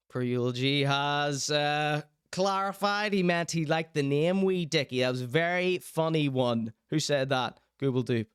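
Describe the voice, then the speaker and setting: A man's voice: a little high, normal speed, few pauses, soft background music. A man hosting a livestream, reacting to clips and reading chat with jokey, self-mocking banter. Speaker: show host.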